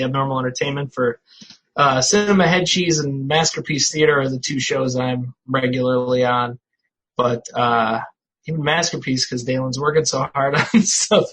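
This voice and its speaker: A man's voice: medium pitch, fairly bright tone, breathy edge, rough recording. A man talking as a podcast guest in a casual chat, easygoing and supportive. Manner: supportive, easygoing, laughs along.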